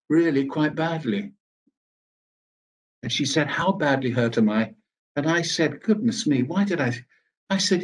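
An older man giving a speech, telling a personal recollection in a measured, grave way with pauses. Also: a little high, breathy edge. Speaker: speaker at a veterans' event.

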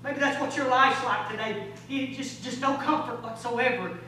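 A man preaching a sermon, emphatic and rhetorical, moving between loud exhortation and low urgent passages with folksy asides. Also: steady tone, normal speed. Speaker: pastor. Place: large church sanctuary. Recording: very echoey hall, distant mic, faint hum.

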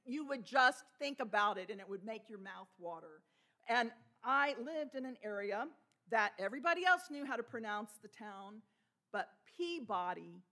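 A woman pastor from Texas preaching a sermon in a church, telling stories in a lively way. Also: high-pitched. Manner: storytelling with laughs and imitated voices. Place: church sanctuary.

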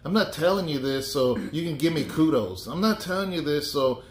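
A man's voice: a little high, lively intonation, brisk. A man pastor leading a casual Bible study, chatty and joking, thinking aloud with restarts. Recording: echoey room.

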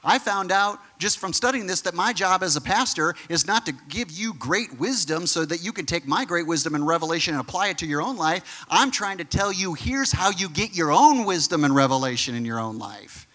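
A man's voice: high voice, expressive, a little fast, hardly any pauses, pushed and bright. A male pastor giving an earnest, conversational sermon and speaking straight to his congregation. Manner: earnest, repeats words, talks straight to the congregation.

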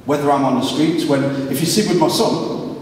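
A middle-aged man from England, a guest speaker giving an animated storytelling talk to a live audience, slipping into street voices for quotes. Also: fairly high pitch, fairly quick. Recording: echoey hall, voice from far off, faint noise.

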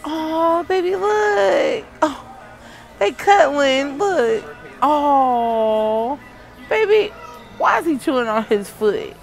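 A woman's voice: high voice, slow, faint music behind. A woman filming a casual vlog in a pet store, cooing at puppies. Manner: cooing, baby-talk at puppies. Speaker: vlogger.

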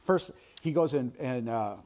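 A man's voice: expressive, measured pace, mellow. A middle-aged man preaching a sermon as pastor, telling a story and acting out the quoted voices. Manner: storytelling, acts out quoted voices with big pitch swings.

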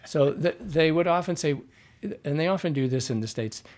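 A man's voice: a little high, animated, normal speed, darkish tone. A middle-aged man, a dialect coach, telling anecdotes in a casual interview and quoting himself as he goes.

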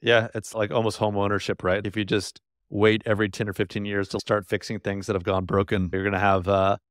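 A man's voice: lowish voice, level tone, no room sound, clean studio sound. A man co-hosting a casual podcast, agreeable and building on his partner's points. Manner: quick, agreeable, builds on the other host's points. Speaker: podcast co-host, podiatrist.

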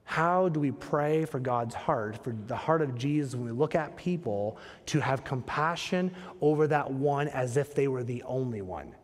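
A man's voice: mid-range voice, moderate pace, hardly any pauses, long reverb tail. A male pastor preaching a sermon in a church sanctuary, talking conversationally and putting rhetorical questions to the congregation.

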